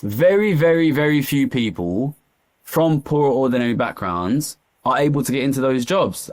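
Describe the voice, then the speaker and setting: With a mid-range, sing-song voice, he speaks briskly in an East London accent. As an economist guest in a candid interview, he gets passionate and repeats phrases to stress them.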